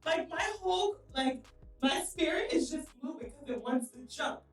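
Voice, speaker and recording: A woman's voice: high-pitched, lively intonation, roomy sound, distant mic, faint music behind. A woman co-hosting a faith-based podcast, speaking in bold declarations and affirming her co-host. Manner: affirming, declarative, quick to laugh along.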